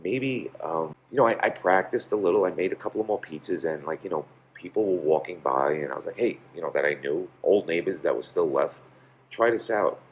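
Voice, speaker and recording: A man's voice: sits low, fairly quick, few pauses, highs cut off, slight background noise. A man, a pizzeria owner, telling stories in a casual interview, rambling with many fillers.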